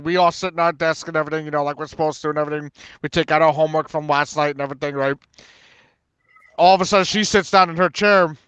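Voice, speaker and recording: A man's voice: sits high, fairly bright tone, clear, resonant tone, no room sound. A man on an open talk panel, telling a school story in casual chat, rambling and full of fillers. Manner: rambling, filler-heavy storytelling, lots of "and everything".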